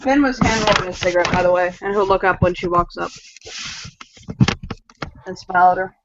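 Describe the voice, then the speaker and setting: A woman running a tabletop game as game master, narrating hesitantly with many pauses and fillers. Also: lowish voice, steady tone, heavy background noise. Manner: hesitant, many ums while describing. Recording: dull lo-fi recording.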